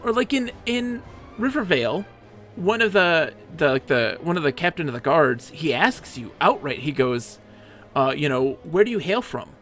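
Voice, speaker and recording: A man's voice: fairly high pitch, expressive, normal speed, a bit bright, soft background music. A young man streaming a game, chatting enthusiastically and rambling with frequent laughs. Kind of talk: casual live-stream game commentary.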